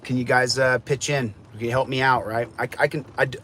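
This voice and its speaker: A man's voice: mid-range voice, fairly even intonation, a little fast, a bit bright, slight background noise. A man ranting on a livestream, rambling and repeating himself, agitated.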